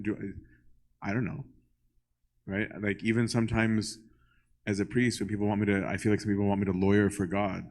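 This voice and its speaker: A man's voice: on the low side, level tone, a little fast, a little mellow, low-quality recording. A young male priest answering questions in a casual, conversational way, often checking in with "right?" and acting out little exchanges. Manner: conversational, keeps asking "right?" and acts out little dialogues. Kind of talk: casual Q&A talk to a congregation.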